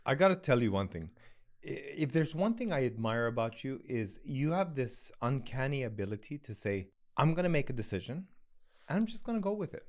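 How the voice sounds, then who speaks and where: A man's voice: mid-range voice, sing-song, fairly quick. A man hosting an interview, asking encouraging questions and praising his guest. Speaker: podcast host.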